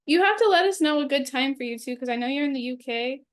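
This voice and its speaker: A woman's voice: sits high, expressive, quick pace. A woman chatting casually on a live stream while painting, easygoing and using lots of "like". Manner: easygoing, frequent "like" fillers.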